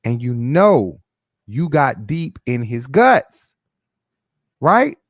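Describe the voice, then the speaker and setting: A man's voice: mid-range voice, big pitch swings, very slow, no room sound, clean studio sound. A man hosting a casual gossip show, giving blunt, profane opinions in a loose, chatty way. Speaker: host.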